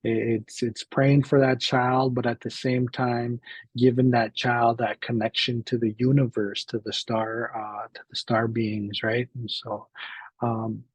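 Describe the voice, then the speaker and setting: A man giving a teaching presentation, slowly sounding out syllables and often checking in with "right?". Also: medium pitch, flat delivery, breathy edge, no echo, poor audio. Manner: slow, repeating syllable sounds aloud; frequent fillers and "right?" tags.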